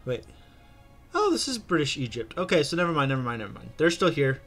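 A man's voice: a little high, very animated, fast, fairly bright tone, soft background music. A young man hosting a gaming channel, chatting casually through a strategy game with lots of fillers and restarts.

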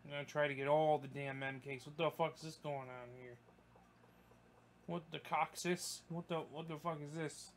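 A young man commentating his gameplay, swearing a lot and breaking into yelps and shouts when things go wrong. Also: on the high side, steady tone, normal speed, a little hiss or hum. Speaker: gaming YouTuber. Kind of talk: let's play commentary.

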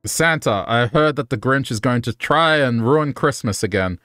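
A playful male streamer chatting casually over gameplay, jokey and quick to laugh at his own schemes. His voice is mid-pitched and sounds dry and close to the mic. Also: animated, fairly bright tone, no echo. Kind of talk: casual gaming stream chat.

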